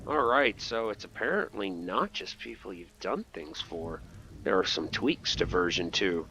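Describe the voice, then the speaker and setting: A man's voice: lowish voice, expressive, unhurried, sharp tone. A man doing jokey playthrough commentary, talking back to game characters. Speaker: gaming host.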